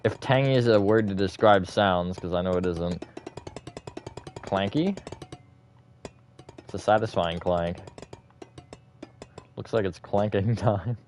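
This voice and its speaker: A man livestreaming a building game, rambling as he thinks aloud and swinging between flat, disappointed-sounding talk and bursts of energy. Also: on the low side, takes it slowly, pauses often, soft background music. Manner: rambling, thinks aloud with fillers and self-corrections. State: short on sleep. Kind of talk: casual livestream chat while gaming.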